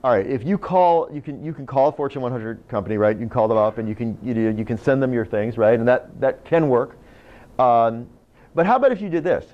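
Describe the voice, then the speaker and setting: A man's voice: mid-range voice, a little fast. A man who hosts an internet radio show, giving a live talk to a speakers' group and telling stories full of "you know" and "right?". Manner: animated storyteller, lots of "you know" and "right?". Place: meeting room. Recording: dull lo-fi recording.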